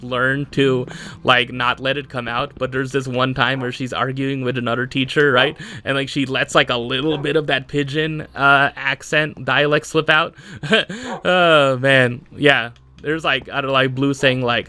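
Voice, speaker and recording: Podcast host, man, bright and forceful voice, loose rambling solo chat full of fillers. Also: medium pitch, smooth. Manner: rambling, many fillers, frequent laughs.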